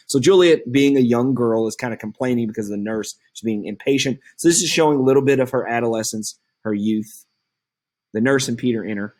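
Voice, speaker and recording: A man teaching a class and explaining a play, talking slowly with frequent fillers. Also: mid-range voice, darkish tone.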